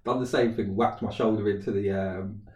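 A man's voice: on the low side, normal speed. A man, chatting casually and acting out a story, laughing often. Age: 30s. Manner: animated storyteller, laughs often, acts out quotes. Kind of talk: casual chat. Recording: roomy sound, mic a bit distant.

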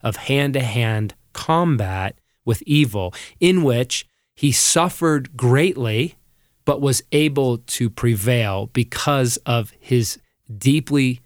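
A man leads a reflective Bible teaching on a podcast, reading passages aloud slowly and earnestly. His voice sits at an ordinary middle pitch. The sound is dry and close to the mic. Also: no echo. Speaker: podcast co-host.

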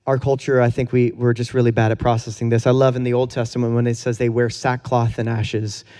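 A man's voice: medium pitch, flat delivery, a little fast, mellow, in a large hall. A man preaching a conversational sermon in a casual, earnest way, with fillers and chuckles. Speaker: pastor.

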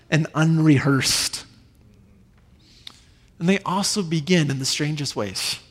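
A man in his thirties preaching a sermon, animated, with sudden high bursts when he acts out children. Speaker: pastor. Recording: long reverb in a large hall.

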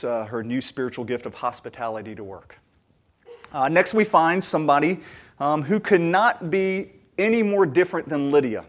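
A man preaching a sermon, earnest and conversational, often restarting his sentences and building to emphatic, louder peaks. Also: mid-range voice. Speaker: pastor.

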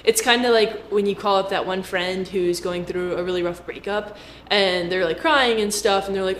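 A woman's voice: mid-range voice, fairly even intonation, normal speed, hardly any pauses, fairly bright tone. Woman explaining finance stuff, casual and joking around, roomy echo, bit of background hiss. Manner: chatty and jokey, with playful asides. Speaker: finance commentator. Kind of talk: casual explainer talk to camera.

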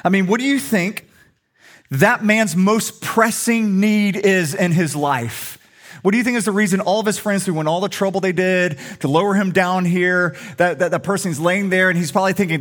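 A man's voice: high voice, normal speed, a bit bright. A middle-aged male pastor preaching a sermon in a humorous, conversational storytelling way.

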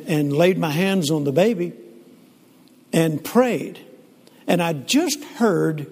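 An older man, telling stories in a folksy, animated sermon with frequent restarts. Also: a little high. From Southern United States. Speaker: preacher. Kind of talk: sermon storytelling. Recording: long hall reverb.

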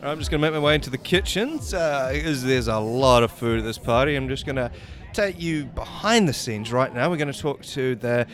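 A man hosting a comedy sketch, interviewing in a brisk, slightly hesitant way. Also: medium pitch, lively intonation, soft background music. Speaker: host.

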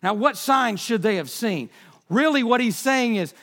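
A pastor preaching a sermon, loud and excitable, often shouting when stirred up. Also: male voice, very high voice, moderate pace, long reverb tail.

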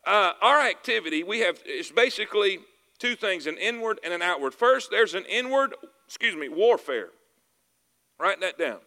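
A man's voice: high voice, expressive, normal speed, bright, forceful tone. A man with a Southern US accent preaching a sermon, calling out for amens and repeating his phrases for emphasis. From Southern United States. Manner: calls for "amen" and "y'all with me", repeats phrases for emphasis. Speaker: pastor. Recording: preaching in a reverberant hall.

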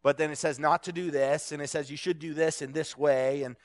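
A man's voice: on the high side, fairly even intonation, fairly quick. A man preaching a casual, conversational sermon to a young audience, joking with them and restarting his sentences.

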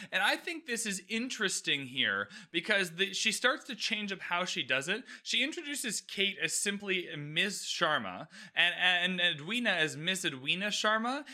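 A man hosting a podcast, recapping a TV episode in a chatty, animated way with frequent restarts. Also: high-pitched. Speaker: podcast host.

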